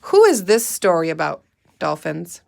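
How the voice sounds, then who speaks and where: This teacher has a gravelly, fairly low voice with huge swings in pitch. She guides young children through a reading lesson with patience and deliberation, prompting them to say and spell words.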